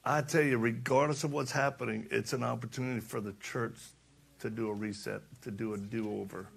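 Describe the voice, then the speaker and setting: This middle-aged man preaches a bit fast in a medium-pitched, steady voice that is creaky and slightly rough. His sermon is impassioned, with repeated lines for emphasis and stories acted out with laughter.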